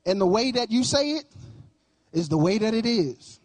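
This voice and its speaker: A man's voice: high-pitched, very animated, moderate pace. A male pastor preaching a sermon with emphatic, sing-song cadence and frequent repetition.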